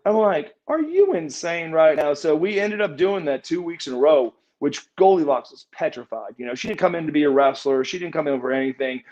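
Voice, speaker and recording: A man's voice: fairly high pitch, lively intonation, a little fast, few pauses, darkish tone. A middle-aged man, a former wrestler, telling a rambling story in an interview, stumbling over repeated words and acting out what people said. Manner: rambling, repeats and restarts words, acts out quoted dialogue. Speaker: guest, former pro wrestler. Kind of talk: casual shoot interview storytelling. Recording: muffled lo-fi audio.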